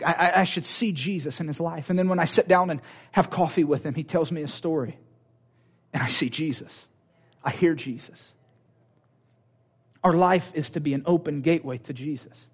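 A man preaching a sermon, animated and personal, often laughing and restarting his sentences. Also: a little high.

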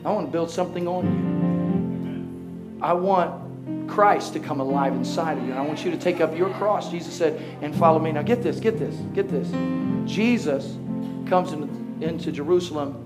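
A man preaching to a congregation, joking with the crowd and building to loud, passionate preaching. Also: fairly high pitch, normal speed, loud music behind the voice. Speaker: pastor. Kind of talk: sermon.

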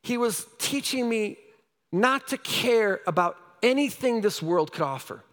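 Man, pastor, storytelling sermon, high voice, animated, loud and quiet swings, long hall reverb. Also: unhurried.

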